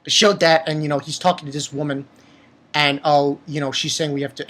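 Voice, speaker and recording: A woman reviews an anime episode with excitement, speaking animatedly with exclamations and swearing. Her voice sits low and moves a little fast.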